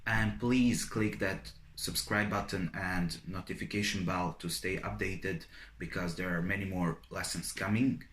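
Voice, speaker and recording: A man teaching a language online, who reads out words slowly and says each one several times so viewers can write them down. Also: low voice, steady tone, fairly bright tone, roomy sound, a little hiss or hum. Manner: slow, repeats each word several times for dictation.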